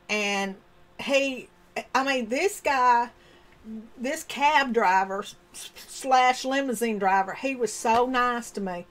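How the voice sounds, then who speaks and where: A high-pitched woman recounts a personal story in a monologue. Her delivery is animated and expressive, and she slips into the voices of the people she remembers. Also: takes it slowly. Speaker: storyteller sharing personal experience.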